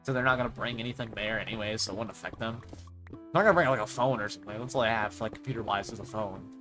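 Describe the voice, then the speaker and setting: A man's voice: on the low side, rapid-fire, bright, forceful tone, soft background music. A young man streamer in casual chat, ranting in exasperation and swearing freely as he mimics the people he talks about.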